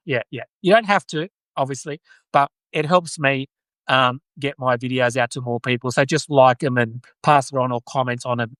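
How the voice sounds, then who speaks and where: A man's voice: mid-range voice, a bit bright, dry recording. An Australian man hosting a casual live-stream chat, talking in an earnest, rambling way. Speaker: podcast host.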